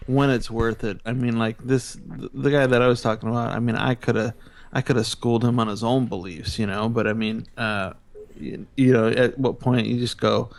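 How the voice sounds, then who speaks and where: A man's voice: medium pitch, steady tone, normal speed, creaky. A man chatting casually on a podcast, blunt and laid-back, swearing offhandedly. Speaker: podcast host. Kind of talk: casual chat.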